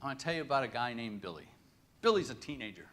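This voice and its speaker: A man's voice: mid-range voice, rapid-fire. Folksy man giving a conference talk. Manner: lively, folksy, joking. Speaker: conference speaker. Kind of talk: storytelling keynote talk.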